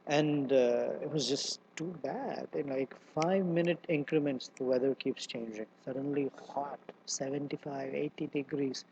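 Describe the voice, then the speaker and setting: A non-American man gives a Bhagavatam scripture class, chanting Sanskrit verses and explaining them conversationally with side jokes and asides. His gravelly, slightly mellow, medium-pitched voice moves at normal speed with hardly any pauses. The recording is low-quality, with a bit of hiss or hum.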